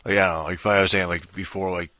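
A man's voice: low-pitched, level tone, very fast, pushed and bright, no room sound. A man giving a rambling, sarcastic rant about video games, swearing in nearly every sentence and full of fillers. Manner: sarcastic, mocking. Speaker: gaming commentator. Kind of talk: casual ranting monologue.

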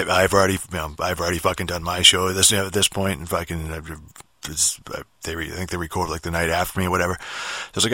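Swearing nonstop, this male podcaster rambles through a casual rant, restarting his sentences and leaning on fillers. His low voice sounds pushed and bright, and the recording has no room sound.

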